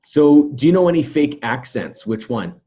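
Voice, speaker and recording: Male podcast host, husky, relaxed and chatty; muffled lo-fi sound. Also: a little high, normal speed. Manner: laid-back, laughs easily, chatty. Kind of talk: casual interview chat.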